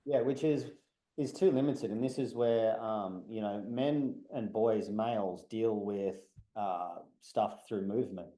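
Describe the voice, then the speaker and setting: A man's voice: fairly low pitch, unhurried, warm tone. Blunt, fired-up man. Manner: blunt, heated and profane. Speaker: podcast guest. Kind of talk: casual podcast chat. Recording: echoey room.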